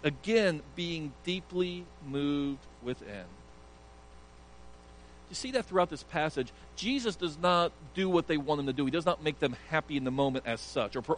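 A man's voice: fairly high pitch, moderate pace, slight background noise, rough recording. A male pastor preaching an earnest sermon, emphatic and sometimes stumbling over restarts.

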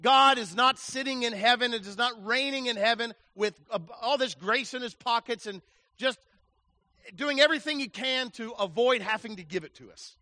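A male preacher delivers an impassioned sermon in a high, bright voice. He speaks slowly and swings between hushed passages and loud outbursts. The sound is close and dry. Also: no echo. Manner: lists words in slow emphatic runs. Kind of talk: evangelistic sermon.

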